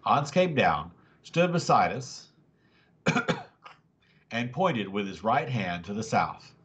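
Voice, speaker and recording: Guy reading an adventure book out loud, voice rising and dipping a lot, dramatic. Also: lowish voice, slow pace. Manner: expressive, dramatic narration. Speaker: family story reader. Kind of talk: reading a novel aloud.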